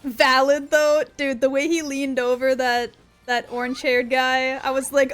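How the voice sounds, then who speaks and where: A young woman streaming a game, chatting casually, excitable and playful, swearing often. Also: sits high, moderate pace, soft background music. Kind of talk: casual gaming commentary.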